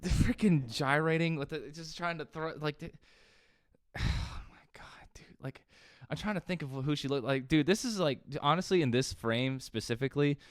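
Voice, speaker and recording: An agitated man delivers rambling, profane commentary as a reaction video host. His voice is smooth and resonant at a middle pitch. The sound is dry and close. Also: moderate pace, dry recording. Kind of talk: heated ranting commentary.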